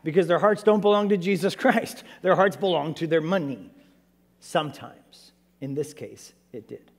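A man preaching a sermon as pastor, animated and conversational, asking his church many rhetorical questions. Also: on the high side, normal speed, long reverb tail.

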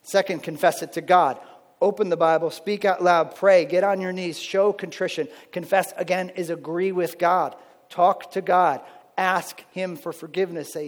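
This adult pastor, married with children, has a high-sitting, steady voice at normal speed, echoing with a long reverb tail. He preaches conversationally and keeps checking in with "right?".

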